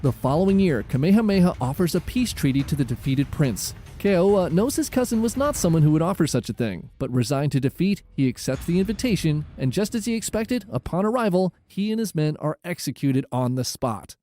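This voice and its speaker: A man giving dramatic, measured scripted narration of a history documentary. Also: on the high side, very animated, mellow. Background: faint music.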